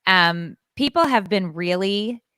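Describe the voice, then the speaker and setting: A woman co-hosting a podcast, telling a story in a frank, animated, self-deprecating way. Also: mid-range voice, slow, clean tone, no echo, studio quality. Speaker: podcast co-host. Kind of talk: casual chat.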